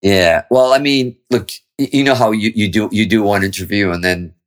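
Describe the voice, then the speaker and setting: A man's voice: on the low side, moderate pace. A man, a musician guest in an interview, telling a long story casually with lots of swearing and restarts. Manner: rambling, profane, with frequent restarts.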